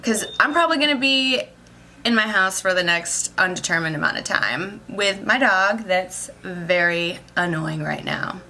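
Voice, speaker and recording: Bright-voiced young woman, rambling vlog. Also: medium pitch, lively intonation, a little slow, slight background noise. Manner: emotional, rambling, says "like" constantly. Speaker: vlogger, social worker. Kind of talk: casual personal vlog.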